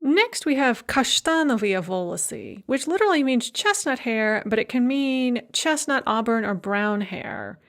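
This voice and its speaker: A woman professor talks through a recorded lecture in a clear, explanatory way. Her voice sits a little on the higher side, and she speaks alone into a close mic. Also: expressive, measured pace, few pauses, fairly bright tone.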